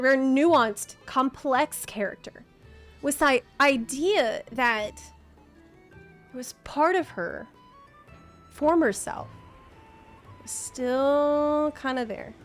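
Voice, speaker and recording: A woman with a high voice rants to her stream chat at an unhurried pace. She is impassioned and exasperated, with a sarcastic edge. Faint music plays behind her. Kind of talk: live-stream rant to chat.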